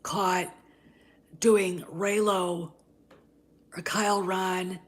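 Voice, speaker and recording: A woman hosting a commentary vlog, ranting in a heated, scornful way, often tagging "okay?" and dropping into breathy near-whispered asides. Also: mid-range voice, level tone, very slow. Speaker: channel host.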